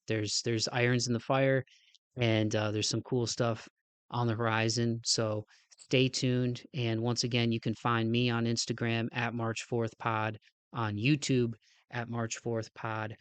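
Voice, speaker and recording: A man's voice: mid-range voice, little pitch movement, a little slow, smooth, no echo. Nasal, stuffed-up male podcast host. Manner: rambling, earnest, keeps saying "man". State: a little out of breath. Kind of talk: casual podcast outro.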